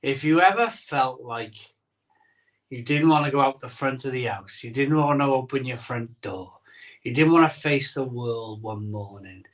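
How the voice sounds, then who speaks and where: Middle-aged man, casual live-stream host, rambling, sentimental, mid-pitched, a bit far from the mic. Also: a bit bright. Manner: rambling, sentimental, reads chat comments aloud.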